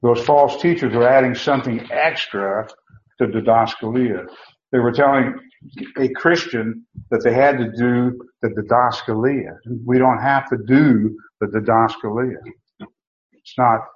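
A man preaches with emphatic insistence, circling back and repeating himself as he restarts his sentences. His voice sits at a medium pitch. The recording sounds muffled and echoes around the room. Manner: emphatic, repetitive, with many restarts and fillers. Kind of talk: sermon. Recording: dull, roomy sound.

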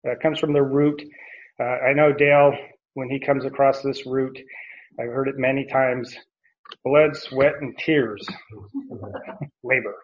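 A man's voice: medium pitch, fairly even intonation, a little slow, pauses often, highs cut off, a little hiss or hum. A man teaching through a bible passage verse by verse, talking in a loose, conversational way with frequent fillers and little chuckles.

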